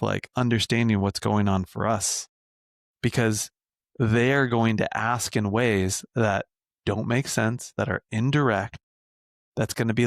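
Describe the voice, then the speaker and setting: This man, a men's coach, chats in a podcast interview, frequently adding "right?" to his points along with the odd curse. He has a low voice with vocal fry, captured in a dry, studio-quality recording.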